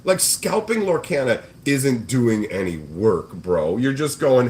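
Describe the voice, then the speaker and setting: A man hosts a casual livestream about card games and rants at length in a profane, exasperated tone. His pitch swoops up and down a lot as he mocks people with squeaky put-on voices. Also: very animated, slow, few pauses, a little mellow. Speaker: card game show host. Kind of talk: ranting livestream chat.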